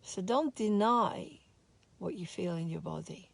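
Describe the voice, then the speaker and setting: Woman, slow heartfelt talk, gravelly low voice, dry close sound. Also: expressive, dry recording. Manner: slow, soft and heartfelt, openly sad. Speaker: spiritual course teacher. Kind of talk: reflective spoken talk.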